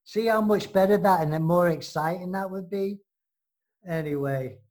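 A brash American host who jokes, heckles and argues playfully. The voice sits at a middle pitch. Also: normal speed, a little mellow. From United States. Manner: brash, joking, mock-heckling. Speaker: show host. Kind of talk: bantering radio-style chat.

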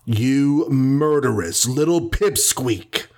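A man voicing a giant, hot-tempered male superhero in a storybook reading, booming and roaring. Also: normal speed, natural voice. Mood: furious.

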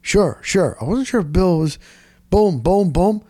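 A middle-aged man, telling a rambling story in casual chat, dropping "boom" into his sentences. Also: unhurried, no echo. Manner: animated, punctuates with "boom". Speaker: sports radio co-host.

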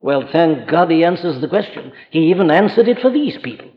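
Male preacher, earnest and emphatic, fairly high voice, long hall echo, dull archive sound. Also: sing-song, a little fast. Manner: earnest, emphatic, rhetorical questions, acts out quoted voices. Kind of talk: sermon.

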